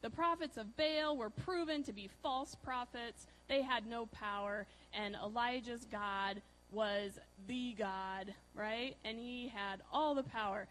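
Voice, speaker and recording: A woman preaching in a relaxed, conversational way, tossing questions to her listeners and leaning on fillers. Her voice sits a little high. She jumps from bright, loud emphasis down to near-hushed lines. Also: takes it slowly, few pauses, a little hiss or hum, low-quality recording. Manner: chatty, asks the audience questions, many fillers. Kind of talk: conversational sermon.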